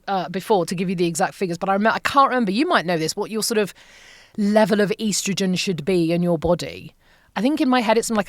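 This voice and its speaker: A middle-aged woman, a podcast guest, telling a personal story with emotion, often halting and repeating herself. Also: medium pitch, no room sound, clean studio sound.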